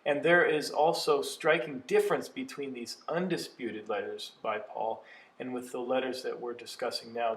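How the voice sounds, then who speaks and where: A man giving an educational video lecture on scripture, explaining terms in a measured way and slowing down to stress key words. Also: mid-range voice, fairly bright tone. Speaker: teacher of biblical studies. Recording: echoey room, mic at a distance.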